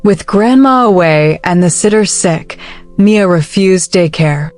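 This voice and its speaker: A woman narrating a story in a measured, even delivery. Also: on the low side, soft background music.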